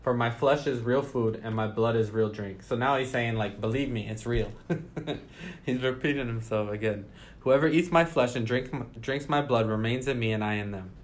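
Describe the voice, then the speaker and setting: A man's voice: medium pitch, moderate pace, hardly any pauses. Man reading and explaining scripture. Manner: reads scripture aloud then explains it conversationally. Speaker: Bible study leader. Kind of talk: casual Bible study discussion.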